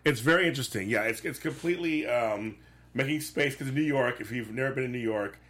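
A man's voice: medium pitch, quick pace, a bit bright. A man in a casual chat recapping a sitcom episode, rambling with many restarts and fillers. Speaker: podcast co-host.

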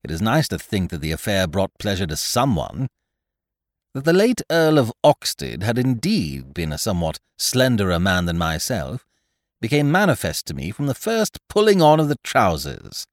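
Guy reading a story, wry and super expressive, lowish voice. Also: moderate pace, no echo, studio quality. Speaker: narrator. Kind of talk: scripted audiobook narration.

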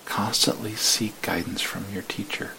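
A man voicing a frail, elderly man who speaks gently and calmly with a knowing kindness. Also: on the low side, measured pace, gravelly, in a whisper, exaggerated voice, rough recording. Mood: gentle.

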